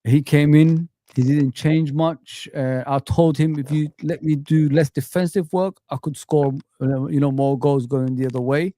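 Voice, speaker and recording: A man's voice: on the high side, fairly even intonation, normal speed, hardly any pauses, mellow. A man hosting a casual football chat, rambling with many restarts and fillers. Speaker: podcast host.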